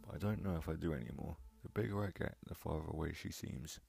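A man voicing an anxious little girl in a storybook, pleading softly and earnestly, over loud background music. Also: a bass voice, quick pace, gravelly, full character voice. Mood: sad.

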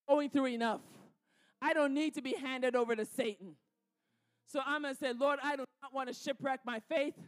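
High-voiced lady pastor praying hard, slow and fervent, repeats lines over and over. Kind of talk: sermon prayer.

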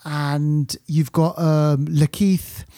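Podcast co-host, man, mellow tone, rambling casual review talk. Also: fairly high pitch, flat delivery, drawn-out words, dry recording, studio quality. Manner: rambling, full of fillers and restarts. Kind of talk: casual film review chat.

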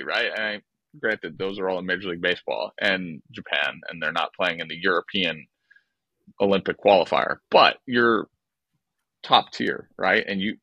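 A lower-pitched man with a bright, forceful tone tells stories on a podcast in a profane, exasperated style. The mic is close and the sound is dry. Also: husky, no echo, low-quality recording. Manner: animated, profane, exasperated storytelling. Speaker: podcast co-host, former baseball player. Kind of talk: casual podcast storytelling.

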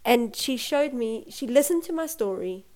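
A woman's voice: fairly high pitch, lively intonation, moderate pace, a little mellow. A young adult woman telling her own birth story in an emotional, personal way, laughing often and acting out what others said. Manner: emotional, laughs often, acts out quoted voices.

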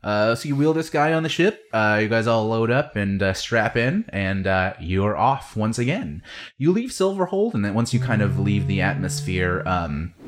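A man narrating a sci-fi tabletop role-playing game as game master, relaxed with many fillers. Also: on the low side, normal speed, soft background music. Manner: relaxed, many ums and uhs.

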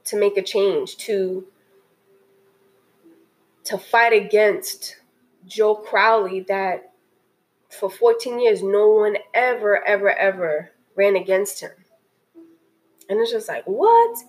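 A woman's voice: mid-range voice, fairly even intonation, slow, pauses often, low-quality recording. A woman talking casually and earnestly about a documentary that moved her, often restarting her sentences. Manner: earnest and emotional, many restarts. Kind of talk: casual spoken film review.

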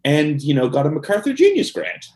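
A podcast co-host with a fairly high, darkish voice chats casually, joking, laughing a lot, and rambling with plenty of fillers. He speaks fairly quickly, and his pitch swings widely.

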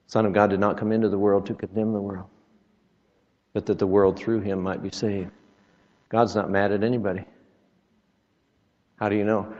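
A man's voice: on the low side, a little mellow. A man preaching a sermon in a folksy way, with joking asides and quoted scripture, in a church. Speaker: traveling preacher. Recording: reverberant, dull lo-fi sound.

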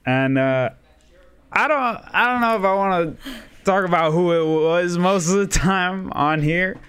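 A young man hosting a casual podcast, talking in a relaxed, halting way and repeating words. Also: high-pitched, clean tone, dry recording. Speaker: podcast host. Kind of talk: casual chat.

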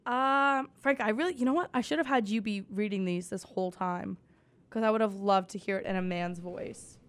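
A woman's voice: medium pitch, normal speed. A young woman hosting a casual comedy podcast, sarcastic and swearing freely, mocking quotes in put-on voices. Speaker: podcast host.

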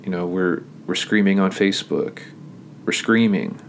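A man's voice: low voice, unhurried, gravelly, a little hiss or hum. A man hosting a podcast, reading scripture and then preaching and praying in a casual, earnest way. He often stumbles and repeats words and keeps calling his listeners "guys.". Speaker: podcast host.

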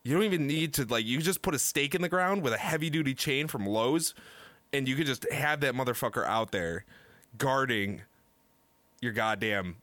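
A man co-hosting a casual podcast, ranting loudly and laughing often. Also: mid-range voice, normal speed, no room sound. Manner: loud, animated ranting with frequent laughs. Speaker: podcast co-host. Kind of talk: casual profane podcast banter.

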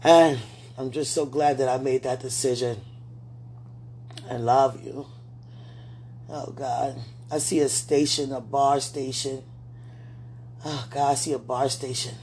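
A woman's voice: very deep voice, a little mellow, a little hiss or hum. A middle-aged woman speaking an emotional, repetitive prayer aloud, pleading and talking to herself.

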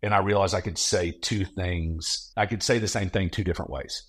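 A man in his thirties, a pastor guest on a podcast, telling stories in a lively casual way and acting out quoted lines. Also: deep voice, normal speed. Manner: animated storyteller, acts out quotes.

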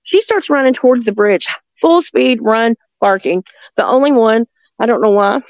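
A woman telling stories in a rambling, halting way, with many restarts, talking from a rural home near the woods. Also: on the high side, expressive, no room sound, lo-fi sound. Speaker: guest telling encounter stories. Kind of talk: casual storytelling on a call-in show.

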